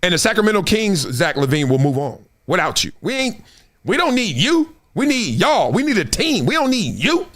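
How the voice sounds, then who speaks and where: A man in his forties hosting a casual sports talk stream, animated and trash-talking, slipping into put-on fan voices. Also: high-pitched, normal speed. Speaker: show host.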